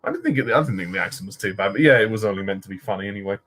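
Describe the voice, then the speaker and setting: A man cracking jokes during a laid-back movie commentary. His pitch swings widely, and his voice has a husky edge. It sounds like a home mic. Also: animated, a bit bright. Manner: jokey, laughs often, quick quips. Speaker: film commentator. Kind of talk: casual film commentary chat.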